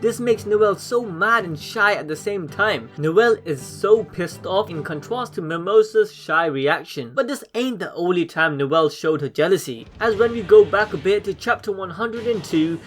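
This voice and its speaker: High-voiced sarcastic male commentator. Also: animated, moderate pace, hardly any pauses, a bit bright. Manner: casual, sarcastic, with slang and swearing. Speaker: anime commentary narrator. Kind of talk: scripted voice-over commentary. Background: faint background music.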